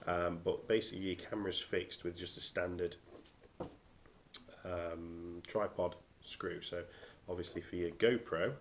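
Man from the UK, very low voice, stuffy nasal cold, casual halting gear review, faint hiss behind. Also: fairly even intonation. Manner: hesitant, many ums and restarts.

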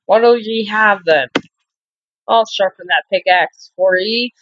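A woman voicing a cranky old male shopkeeper, speaking slowly and sternly while reading game dialogue aloud. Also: mid-range voice, a bit bright, lo-fi sound, slight background noise, close to an everyday voice. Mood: gruff. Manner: grumpy, slow and stern.

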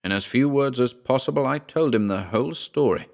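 A man narrating a horror story as an audiobook, slow and dramatic, dropping to a hush in the darkest passages. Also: mid-range voice, creaky.

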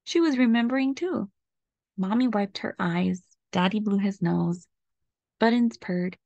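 Gentle, expressive woman reading a children's storybook aloud; slight vocal fry, dry close recording. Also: mid-range voice, measured pace, no echo, highs cut off. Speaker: storybook reader.

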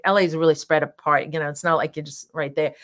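A woman's voice: low voice, steady tone, quick pace, a bit bright. A woman guest telling rambling, filler-heavy anecdotes with frequent laughter in a casual interview. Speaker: guest, drag king performer.

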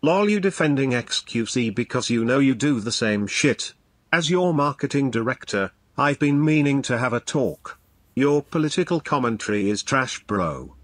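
A man voicing a mocking male pal who calls himself a marketing director, speaking flat and scornful. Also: medium pitch, normal speed, no room sound.

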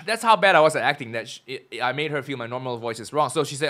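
Young malaysian guy, mid-atlantic accent, bright voice, laughing at himself on a podcast. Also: expressive, very fast, few pauses. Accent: mid-Atlantic mix. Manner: self-mocking storytelling, drops his voice low when recounting. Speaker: guest comedian. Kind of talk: casual podcast chat.

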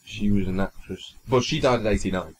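A young podcast co-host chats casually and rambles while recounting news, stumbling and restarting often. His voice is fairly low and brisk. The audio is poor, with a little hiss or hum.

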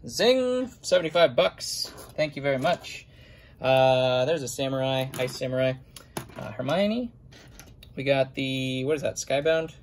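A man's voice: medium pitch, lively intonation, measured pace, slight background noise. A young adult man, a vlogger, rambling in casual running commentary while sorting toy figures, muttering little asides to himself.

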